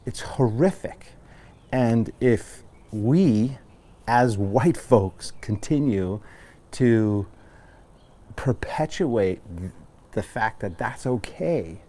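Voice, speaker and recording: A man's voice: mid-range voice, expressive, very slow, warm tone. An American man from Long Island, a yoga teacher talking earnestly and rambling with many restarts before guiding a class. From Long Island, New York. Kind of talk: casual yoga class talk.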